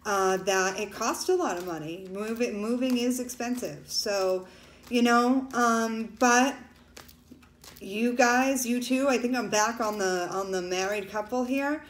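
A woman's voice: a little high, a little slow, reverberant, a little hiss or hum. A woman doing a casual tarot reading for viewers. She talks loosely and emotionally and turns tearful at times. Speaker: tarot reader.

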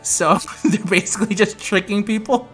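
Man, fairly high voice, gaming commentary host, reads along and reacts, laughs and swears a lot, faint music behind. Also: moderate pace, a bit bright. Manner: laughing, joking and swearing while reading along. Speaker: host reading and reacting to a card game story.

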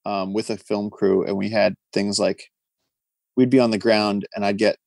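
A man with a lowish voice tells stories as a podcast guest. He is animated and wry, slipping into other people's voices as he tells them. The recording is dry and close-miked. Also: moderate pace, vocal fry, dry recording. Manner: animated, wry storyteller acting out quoted voices. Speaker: conservationist guest. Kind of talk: storytelling in a casual interview.

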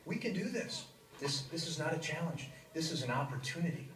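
An actor playing a pushy customer, wheedling for a lower price. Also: male voice, expressive, fairly quick, a bit bright, recorded from a distance. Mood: pleading. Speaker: customer haggling over a price. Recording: video played in echoey hall, noisy.

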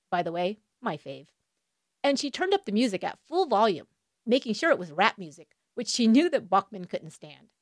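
Woman podcast host, true crime narration, animated delivery, dry close sound, drops in wry remarks. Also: mid-range voice, no echo. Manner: wry asides between dramatic retelling.

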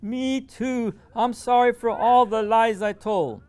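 A man's voice: high voice, very animated, a little fast, voice pushed up. A man voicing a remorseful twelve-year-old boy.

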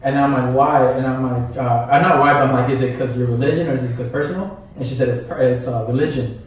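A man's voice: mid-range voice, steady tone, fast talker. A man in his twenties co-hosting a podcast, telling a rambling anecdote with many fillers. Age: 20s. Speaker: podcast co-host. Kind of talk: casual chat. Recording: roomy echo, distant mic, faint noise.

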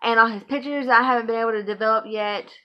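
A woman's voice: a little high, steady tone, quick pace, lo-fi sound. Chatty profane young woman vlogging. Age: 20s. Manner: chatty, profane, filler-heavy. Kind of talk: casual storytime vlog.

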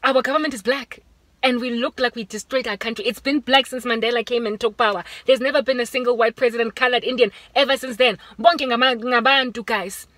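A South African woman giving a fervent, preaching vlog monologue from inside a car, moving between urgent raised warnings and hushed appeals. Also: fairly high pitch, fairly even intonation, a little fast, no echo. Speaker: Christian vlogger.

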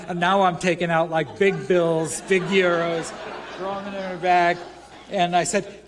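An American man, a featured author, tells a rambling live anecdote at a museum event, acting out the dialogue with bursts of shouting. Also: a little high, normal speed. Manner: animated, acts out dialogue with rising shouts; rambling with many fillers.

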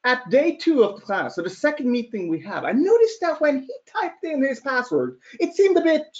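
A man telling a story in a conference talk, animated and acting out quotes. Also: extremely high pitch, normal speed. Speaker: security presenter. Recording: dull lo-fi sound.

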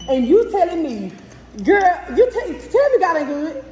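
A woman's voice: high-pitched, animated, a little fast. A woman, vlogging casually and talking effusively straight to her viewers. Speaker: family vlogger. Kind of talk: casual vlog to camera. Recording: echoey room with noise.

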